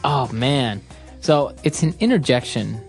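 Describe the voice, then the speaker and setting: A woman's voice: very deep voice, lively intonation, a little slow, soft background music. A woman hosting an English lesson podcast, explaining phrases with friendly affirmations. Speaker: podcast host, English teacher.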